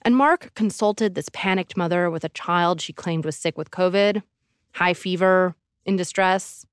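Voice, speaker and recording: A woman hosting a podcast, giving measured, dramatic scripted narration. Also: fairly low pitch, clean tone, dry recording, clean studio sound. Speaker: podcast host.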